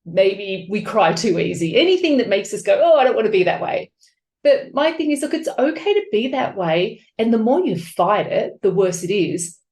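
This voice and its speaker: A woman's voice: medium pitch, moderate pace, few pauses. A woman author being interviewed on a podcast, talking openly and with feeling, acting out voices as she tells stories. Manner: open, emotional, animated storytelling. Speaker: author guest. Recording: echoey room.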